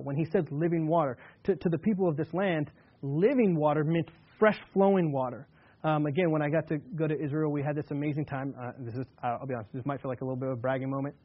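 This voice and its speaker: A male pastor preaching a sermon in a relaxed, conversational way, slowing down to read scripture aloud with emphasis. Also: a little high, dull audio.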